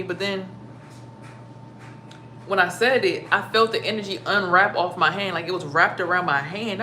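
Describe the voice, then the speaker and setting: A young woman telling a story to her viewers in a casual, profane and animated way, acting out her own startled reactions. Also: lowish voice, moderate pace, slight background noise. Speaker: spiritual vlogger.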